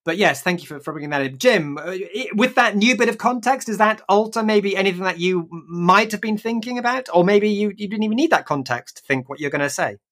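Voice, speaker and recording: A man's voice: sits high, animated, brisk, few pauses, fairly bright tone. A man hosting a podcast in casual panel chat, chatty and steering his guests with questions. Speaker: podcast host.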